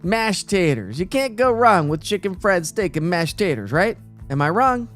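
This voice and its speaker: A man's voice: high-pitched, big pitch swings, normal speed, fairly bright tone, faint music behind. Chatty weatherman. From East Tennessee. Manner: chatty, greets viewers by name. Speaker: weather forecaster hosting a live morning stream. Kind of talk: casual live-stream weather chat.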